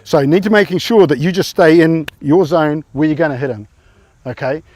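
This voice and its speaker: Man coaching rugby drills, higher voice. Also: fairly quick, darkish tone, dry recording. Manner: encouraging, asks players questions, informal. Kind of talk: coaching players through tackle drills.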